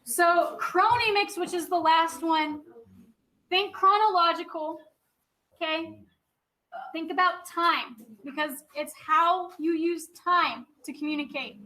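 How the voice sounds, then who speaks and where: A woman's voice: very high-pitched, takes it slowly, pushed and bright, rough recording. A woman teacher giving a classroom lecture. She explains step by step, checks in often with "okay?" and is firm with chatty students.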